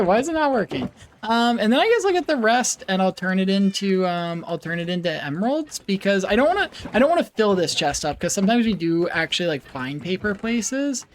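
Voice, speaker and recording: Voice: medium pitch, slight background noise. A streamer chatting casually while playing a game, giggling, rambling and making playful animal noises between thoughts. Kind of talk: casual live-stream chat while gaming.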